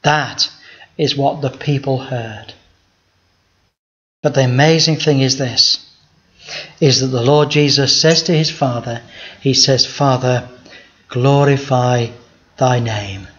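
A man's voice: mid-range voice, slow pace, long pauses, a bit bright. A male pastor giving an emphatic Bible teaching sermon, asking the congregation rhetorical questions. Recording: dull lo-fi recording.

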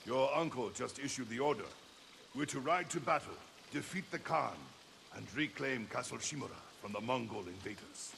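A man's voice: medium pitch, normal speed, vocal fry, background noise, close to an everyday voice. An actor voicing a formal, dutiful samurai bannerman in video game dialogue. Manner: formal, courtly.

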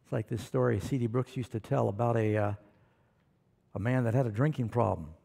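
A man preaching a sermon, animated and questioning the congregation, calling for amens. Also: medium pitch, fairly quick, creaky, breathy edge. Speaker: pastor.

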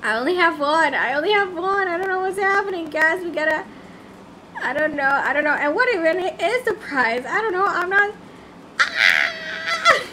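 A woman streamer with a very high, bright voice chats casually while she plays. She is excitable and repeats herself in confused bursts. A faint hiss of noise sits behind her. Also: a little fast. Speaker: livestreamer. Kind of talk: casual gameplay livestream chat.

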